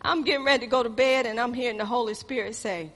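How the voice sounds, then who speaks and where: High bright woman preaching in reverberant hall. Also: quick pace. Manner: storytelling preaching, swings from loud exhortation to quiet asides. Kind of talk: sermon.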